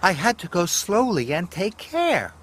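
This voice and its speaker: A man's voice: high voice, huge pitch swings, measured pace, fairly bright tone, voice pushed up, exaggerated voice. A man voicing a kind, careful old male steam engine in a storybook reading. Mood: apologetic.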